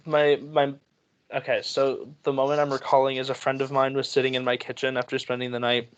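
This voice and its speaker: A man's voice: mid-range voice, fairly bright tone, poor audio. Hesitant young man on a review panel. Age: young adult. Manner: hesitant, trails off with "I don't know". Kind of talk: casual movie review chat.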